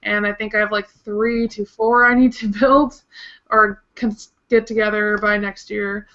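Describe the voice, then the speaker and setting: Woman, guest vlogger, chatty, eager, bright voice, lo-fi call sound. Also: medium pitch, flat delivery, unhurried. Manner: chatty, filler-heavy, eager. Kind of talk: casual chat.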